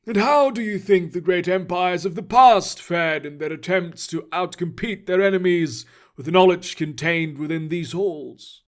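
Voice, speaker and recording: An ancient librarian, old and wry, with a raised, unhurried voice full of calm amusement, as a man reads him aloud. Nothing rattles him, and he speaks as if he knows far more than he says. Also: sits high. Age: older.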